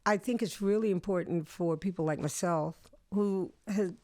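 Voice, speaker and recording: A middle-aged woman musician, a guest in an interview, telling animated stories from her career and acting out the people in them. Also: lowish voice, normal speed, dry recording. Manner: animated storyteller, acts out voices. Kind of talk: storytelling interview chat.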